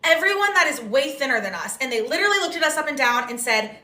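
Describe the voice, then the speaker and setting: A young woman in a casual video, telling an upsetting story in an indignant, rapid way. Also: sits high, very animated, sharp tone, echoey room. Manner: indignant, fast-talking, quoting others.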